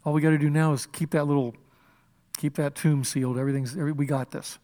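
A man's voice: on the high side, level tone, quick pace, mellow, big-room sound, close to an everyday voice. A man voicing Satan's legions as smug, overconfident demons who think they have won.

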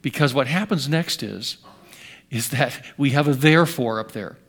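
A man in his sixties preaching a sermon in an earnest voice, rising to loud emphasis and dropping to hushed asides. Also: mid-range voice, moderate pace. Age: 60s. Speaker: pastor.

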